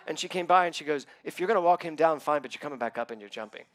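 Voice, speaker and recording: Hombre animado contando una historia en un sermón. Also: male voice, fairly high pitch, very fast. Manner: animated storytelling, acting out quoted voices. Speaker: minister. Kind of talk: sermon with personal story.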